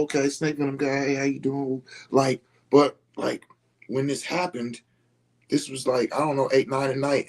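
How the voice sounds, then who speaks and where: A man's voice: medium pitch, darkish tone, husky. A man telling a personal story to his listeners in a loose, conversational way, often repeating himself and asking if they follow him. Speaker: speaker sharing a personal story. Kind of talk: casual storytelling to an audience.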